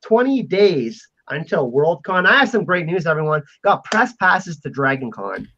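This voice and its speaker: An excitable man hosting a chatty panel stream, his voice sitting a little high and sounding muffled and lo-fi. He rambles through announcements with frequent restarts. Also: normal speed, a little hiss or hum. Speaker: podcast host. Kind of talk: casual panel chat.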